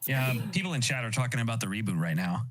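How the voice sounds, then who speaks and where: A man's voice: medium pitch, expressive, fast talker, fairly bright tone. A man in his thirties, a laid-back guest on a stream, chatting and cracking puns. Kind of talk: casual stream chat.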